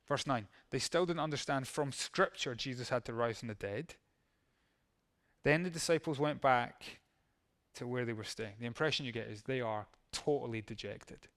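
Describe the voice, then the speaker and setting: A man's voice: mid-range voice, a bit bright. A male pastor preaching a sermon in a conversational way, reading verses and acting out how they might sound.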